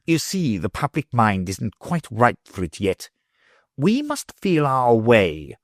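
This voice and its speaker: A man's voice: mid-range voice, wildly swooping pitch, takes it slowly, no echo, studio quality. A man doing a sly, scheming vice ruler. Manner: sly and uneasy. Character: scheming, cowardly middle-aged male ruler.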